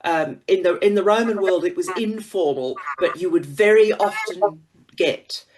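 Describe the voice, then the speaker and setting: A woman from Queensland, a podcast guest talking in a dry, wry way with quick laughs. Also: fairly low pitch, a crowd in the background. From Queensland, Australia. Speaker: guest writer. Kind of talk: casual podcast conversation.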